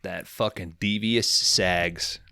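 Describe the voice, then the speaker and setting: Profane, bright-voiced podcast guy. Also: deep voice, steady tone, vocal fry, clean tone, no echo. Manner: profane, rambling, acts out characters in quick voices. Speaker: podcast co-host recapping a film. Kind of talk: casual comedic movie recap.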